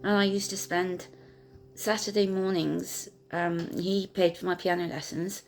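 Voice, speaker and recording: A woman with a slightly low voice reminisces in a gentle, unhurried way. She is a piano teacher who pauses often and fills gaps with soft fillers as she goes. Clear piano music plays behind her. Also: flat delivery. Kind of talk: reflective personal storytelling.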